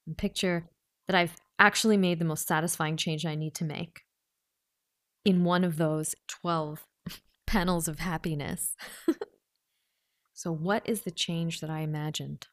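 A woman coach with a somewhat low voice talks through self-coaching questions, laughing often and wandering into asides. Her voice is close and dry, with no room sound around it. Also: no room sound. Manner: thinks aloud with frequent laughs and asides. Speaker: personal coach. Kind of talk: casual self-coaching vlog, reading questions aloud.

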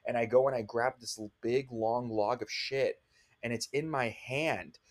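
Young man, older-brother co-host, animated rambling storyteller, mid-pitched voice. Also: measured pace. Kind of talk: casual chat.

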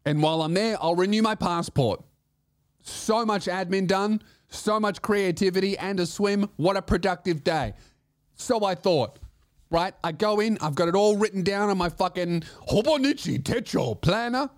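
This is a comedian hosting his own show, delivering a sarcastic, profanity-laced rant. His voice sits notably high for a man, and his grievances pile up one after another. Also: moderate pace. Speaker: comedian host. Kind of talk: comedic podcast monologue.

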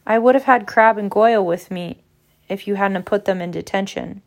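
A woman's voice: medium pitch, moderate pace, creaky, natural voice. A woman reading aloud as a sulky, defiant teenage boy who jeers and snaps back. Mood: defiant, angry. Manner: angry, jeering and defiant.

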